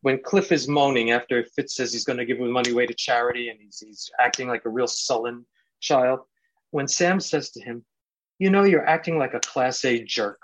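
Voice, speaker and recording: A man's voice: medium pitch, normal speed, low-quality recording. A man guesting on a podcast in casual chat, earnestly retelling scenes he admires.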